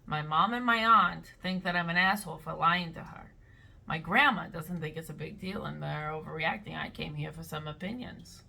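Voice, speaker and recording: Blunt, animated twenties woman host, bright forceful tone, slightly low pitch. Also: normal speed, vocal fry. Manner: blunt and animated, with playful voices. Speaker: reaction video host. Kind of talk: casual chat reading online posts.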